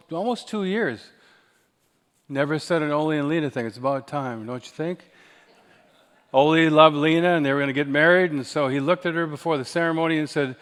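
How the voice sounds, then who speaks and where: A man's voice: fairly high pitch, fairly bright tone, smooth. A man in his sixties preaching a sermon, telling stories with acted-out whispers and dry humor. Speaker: pastor. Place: large church sanctuary. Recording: reverberant church hall.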